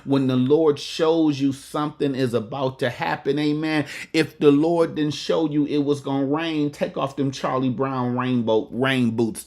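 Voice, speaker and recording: A man with a mid-range voice, a motivational speaker and pastor, gives a preacherly motivational talk. He uses call-and-response, asking listeners to talk back, repeats lines for emphasis and says "amen" often. His cadence is colloquial Southern Black church, sprinkled with dice-game slang.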